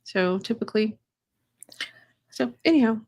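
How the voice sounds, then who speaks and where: A woman's voice: on the high side, animated, measured pace, darkish tone, no echo. A woman co-hosting a casual live stream about energy healing, rambling with many fillers. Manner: rambling, many ums and you-knows. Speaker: co-host, energy healer.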